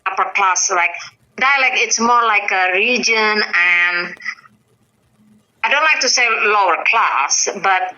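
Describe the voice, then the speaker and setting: Bright-voiced Indonesian-accented woman, lively. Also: takes it slowly, dull audio. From North Sumatra, Indonesia. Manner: animated, frequent pitch rises, searching with uh and um. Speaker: guest explaining language. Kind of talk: casual explanatory chat.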